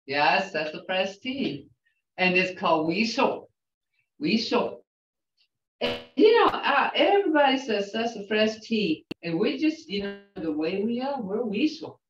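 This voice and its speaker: An older woman teaching a language class, slowly sounding out syllables and words and repeating them patiently for her students. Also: mid-range voice, big pitch swings, soft background music. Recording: roomy, distant, dull lo-fi sound.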